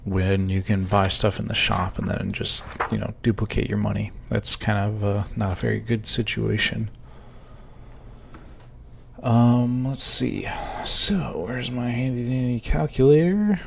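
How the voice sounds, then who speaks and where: A man's voice: lowish voice, fairly even intonation, measured pace, vocal fry, a little hiss or hum. A man thinking aloud as he works out prices at his computer, muttering numbers, with hiccups. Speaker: Minecraft server admin. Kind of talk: casual working commentary. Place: indoors at a computer.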